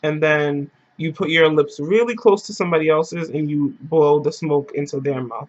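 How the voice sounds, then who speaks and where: A man's voice: on the high side, normal speed, few pauses, lo-fi sound. A man telling a story in a casual vlog, loose and slangy, rambling as he goes.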